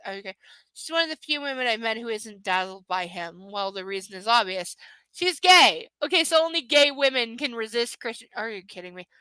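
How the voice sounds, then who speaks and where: A woman's voice: medium pitch, bright, forceful tone, clean tone, no room sound, low-quality recording. A woman reading a romance novel aloud live, breaking off for sarcastic, swearing jokes about the text. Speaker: reader of a novel.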